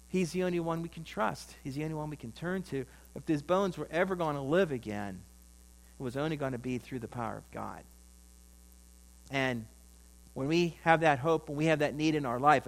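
A pastor preaching a sermon, telling a story and acting out the voices in it. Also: male voice, fairly high pitch, a bit bright, rough recording.

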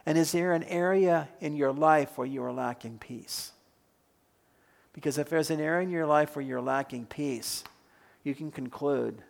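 A man's voice: on the high side, normal speed, creaky. A man preaching a sermon, posing reflective questions to the congregation in an earnest way, then leading a prayer. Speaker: pastor.

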